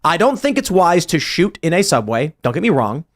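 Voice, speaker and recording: A man's voice: on the high side, sing-song, fairly quick. A man hosting a casual panel talk show, leading the discussion with wry asides and acted-out scenarios. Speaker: podcast host.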